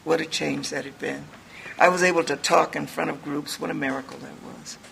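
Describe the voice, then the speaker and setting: A woman's voice: low-pitched, steady tone, a little fast, gravelly, fairly bright tone, slight background noise, poor audio. An older woman giving a candid, rambling personal testimony to a group, mocking herself as she tells it. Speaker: recovery speaker.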